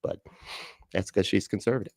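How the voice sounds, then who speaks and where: A man's voice: on the low side, steady tone, fairly quick, vocal fry, a little mellow, no room sound, studio quality. A man hosting a livestream, reacting to a clip with sarcastic, mocking commentary, swearing and laughing often. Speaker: livestream host reacting to a video.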